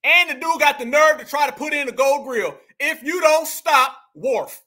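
A man with a very high, sharp, bright voice delivers mocking reaction commentary to his viewers. He jeers, repeats catchphrases and turns up the volume to a shout when he's worked up. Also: normal speed. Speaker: commentary show host.

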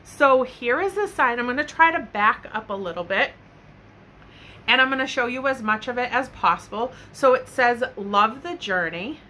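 Young woman gushing over her haul, bright kinda high voice, bedroom vlog, faint room hum behind. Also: lively intonation, moderate pace. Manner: gushing and enthusiastic, many likes and loves. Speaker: haul vlogger. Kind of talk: casual product show-and-tell. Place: bedroom at home.

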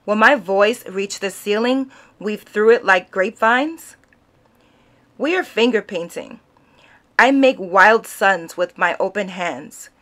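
A woman reads a children's picture book aloud at a slow, unhurried pace. She narrates expressively, giving each line room, in the manner of a read-aloud storyteller. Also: medium pitch, a bit bright.

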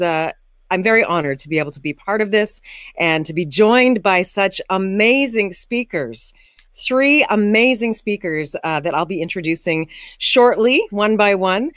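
A woman's voice: lowish voice, dry recording, clean studio sound. Canadian woman hosting a live virtual event. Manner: warm-up chatter with fillers and restarts.

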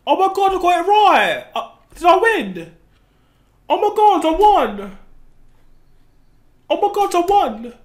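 A woman's voice: a little high, big pitch swings, extremely slow, long pauses, heavily acted. A woman playing a frightened, clueless noob gamer in a comedic gameplay skit, gasping and exclaiming. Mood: confused. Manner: gasping, easily startled, exclaiming.

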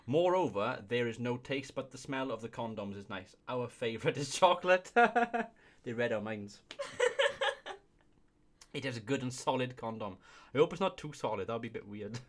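A young man hosting a casual comedy video, reading reviews aloud and often breaking into laughter. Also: medium pitch. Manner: giggly, keeps breaking into laughter. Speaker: video host.

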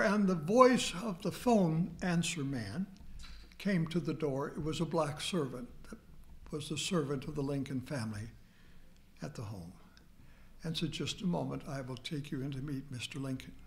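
Slow, higher-voiced older man lecturing. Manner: slow, deliberate storytelling with quoted dialogue. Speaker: history professor lecturing. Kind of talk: storytelling lecture.

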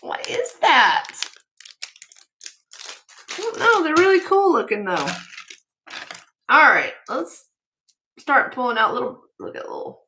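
A woman vlogger sorting through a jewelry haul in an excitable, gushing way, chatting to her viewers. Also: sits high, slow, long pauses. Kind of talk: casual unboxing chat.

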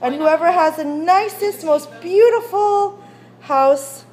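A woman teacher with a high voice walks students through a baking demonstration in a school classroom kitchen. She is chatty and keeps asking whether everyone can see and follow. The sound is a phone recording made in class. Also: slow, darkish tone. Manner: chatty, checks understanding often. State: out of breath while rolling dough.

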